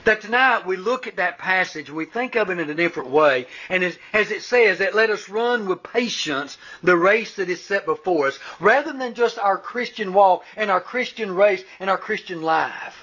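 An older male preacher delivers a sermon in a high, bright voice, earnest and full of halting restarts. He builds to emphatic peaks before settling back down. The recording is dull and lo-fi. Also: expressive.

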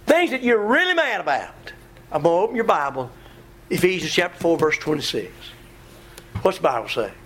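This sermon comes from a middle-aged man whose voice is a little high and sing-song, moving slightly fast over a faint hiss or hum. Folksy and emphatic, he cites scripture and plays out his listeners, imitating congregants with shouts.

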